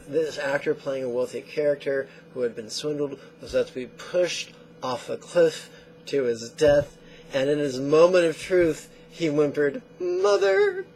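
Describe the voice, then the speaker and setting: A man teaching meditation, who tells lively stories and acts out the quotes. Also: medium pitch, slight background noise. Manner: animated storyteller acting out quotes. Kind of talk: spoken meditation lesson.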